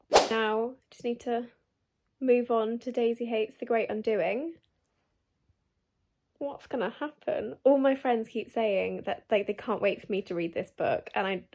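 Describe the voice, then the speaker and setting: A young woman, gushing excitedly and emotionally about the book she's reading in a casual vlog, recorded outdoors. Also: mid-range voice, gravelly. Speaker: book vlogger. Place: outdoors at sunset.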